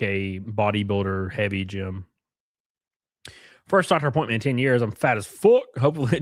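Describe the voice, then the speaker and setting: A man's voice: on the low side, no echo, clean studio sound. A young man hosting a casual live stream, reading viewer comments and joking crudely with frequent laughs. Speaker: livestream host.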